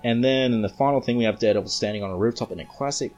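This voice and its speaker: A man's voice: medium pitch, rapid-fire, a little mellow, highs cut off, soft background music. An Australian man casually recapping and reviewing a comic book issue in a chatty, rambling way. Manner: chatty, rambling, reads comic lines aloud.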